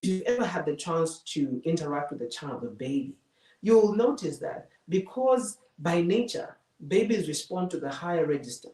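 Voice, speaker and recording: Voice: medium pitch, lively intonation, moderate pace, warm tone. A public speaking coach giving a live masterclass lecture, emphatic and fond of repeating key phrases for effect. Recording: roomy echo, mic far from speaker.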